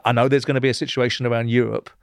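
A man's voice: mid-range voice, level tone, very fast, creaky, clean tone, no room sound, studio quality. A man hosting an interview, blunt and challenging, pushing back on his guest. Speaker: host. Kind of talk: interview and debate.

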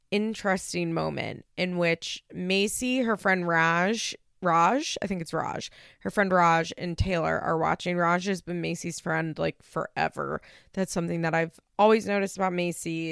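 Chatty woman with a gravelly, low voice. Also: no room sound, clean studio sound. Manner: chatty and animated, lots of "like" and incredulous asides. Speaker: podcast host. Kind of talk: solo podcast monologue recapping a reality show.

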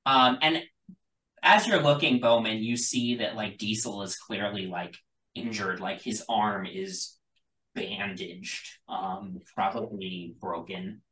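Slow, hesitant man narrating as game master. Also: on the low side, steady tone, pushed and bright. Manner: hesitant, many fillers. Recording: roomy, from a distant mic.

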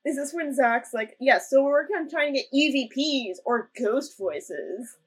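A young woman co-hosting a casual chat recap of a ghost-hunting show, animated and laughing. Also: high voice, moderate pace, husky, rough recording. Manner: animated, laughing, retells scenes in quoted voices. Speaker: podcast co-host.

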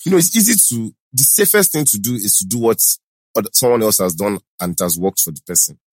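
Confident Nigerian man, low dry voice. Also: lively intonation, fast, slightly rough, no echo. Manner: confident, advising, mixes pidgin with English. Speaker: actor and event host, guest. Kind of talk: casual chat.

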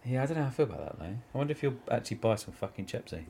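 A man's voice: mid-range voice, big pitch swings, very fast, gravelly, mellow, slight background noise. A British man co-hosting a podcast, telling a story in casual chat, swearing and laughing a lot. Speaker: podcast co-host.

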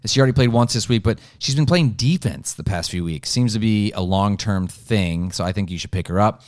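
Guy with a lowish voice rambling through a sports podcast, lots of likes and ums, dry close sound. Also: a little fast, dry recording. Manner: rambling, full of "like" and "um". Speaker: podcast co-host. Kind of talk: casual sports chat.

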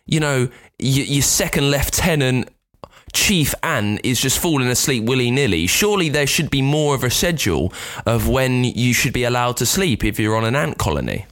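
A man co-hosting a podcast, telling stories in a casual chat with an animated, jumpy delivery. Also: medium pitch, moderate pace. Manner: animated, jumpy storytelling with lively swings. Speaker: podcast co-host.

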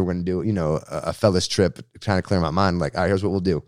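Deep-voiced radio host from Boston, quick slangy storyteller, interview guest. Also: male voice, no echo, studio quality. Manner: slangy, lively anecdotal telling.

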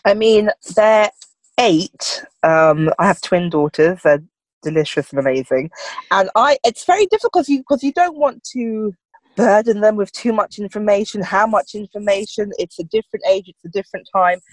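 A woman in her forties chatting as a guest in an interview, lively and quick to laugh. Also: mid-range voice, dry recording, poor audio. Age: 40s. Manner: lively, laughs often, acts out voices in anecdotes. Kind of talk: casual interview chat.

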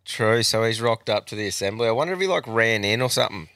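Gravelly Australian man, laughing banter. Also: on the low side, animated, fast talker, fairly bright tone, no room sound, studio quality. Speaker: podcast host. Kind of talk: casual chat.

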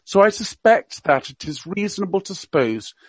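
A man's voice: high voice, big pitch swings, moderate pace, breathy edge, no echo. A man with a slight received pronunciation accent reading a wry, scripted humorous piece as a radio guest. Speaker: guest commentator. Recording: dull, dry lo-fi sound.

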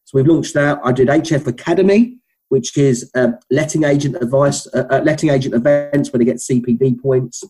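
A middle-aged man with a Cockney accent talks in a loose, rambling way, full of fillers and restarts. His voice is husky and slightly breathy. He speaks as a guest in a casual business interview. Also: medium pitch, brisk, mellow, rough recording.

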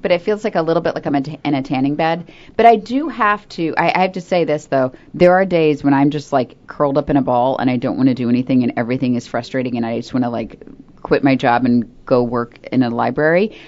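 A middle-aged woman with a low voice chats casually, telling candid, self-mocking stories. The sound is slightly dull and lo-fi. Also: darkish tone. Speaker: podcast co-host. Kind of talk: casual chat.

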